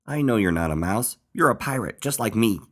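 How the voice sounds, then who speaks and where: A man's voice: fairly low pitch, expressive, brisk, voice pushed up. A man voicing a playful male hedgehog who pretends to be a pirate captain, talking in a bold, theatrical way. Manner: bold, theatrical, bellowing orders.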